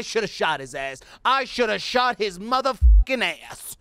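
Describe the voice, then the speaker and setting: A young man streaming a video game, giving profane running commentary that swings between low muttering and sudden yelling. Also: sing-song, moderate pace, few pauses, clean tone, no echo, faint music behind. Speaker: gaming streamer. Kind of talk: live gameplay commentary.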